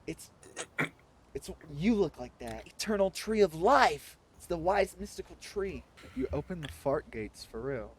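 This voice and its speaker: Playful woman streamer, lively voice. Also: sits low, a little slow, a little hiss or hum. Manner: playful, laughing, jokey. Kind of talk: live gameplay commentary.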